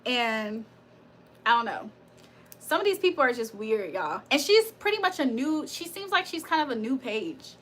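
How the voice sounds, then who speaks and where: Hosting a tarot livestream, this woman tells stories in a loose, chatty style, laughing often and cursing without restraint. Her pitch is on the high side and very animated, her pace moderate and tone a bit bright, with a little hiss or hum in the recording.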